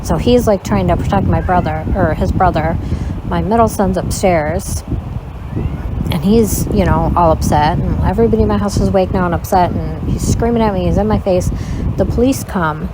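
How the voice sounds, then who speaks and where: A woman with a slightly low voice tells a personal story in a casual storytime while she plays a game. She talks candidly and rambles, with frequent fillers and self-corrections. Steady background noise runs under her voice. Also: moderate pace. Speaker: channel host telling a personal story.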